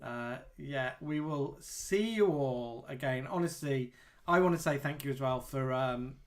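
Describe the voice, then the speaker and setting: A man's voice: mid-range voice, measured pace. A man hosting a casual live chat show, reading out viewer comments in a chatty way. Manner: chatty, warm-hearted, reads out messages. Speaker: host.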